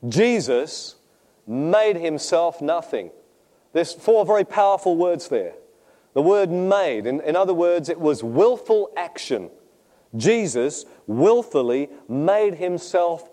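A man preaches with a fairly high but mellow voice. He tells funny anecdotes and laughs along at his own jokes before turning to scripture. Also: sing-song, slow pace. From Australia. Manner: jokey storytelling, laughs often at own stories. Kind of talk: sermon with humorous anecdotes.

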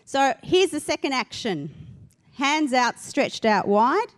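A woman's voice: sits high, very animated, slow pace. A middle-aged woman pastor, preaching a sermon in a conversational way and leading the audience in simple actions.

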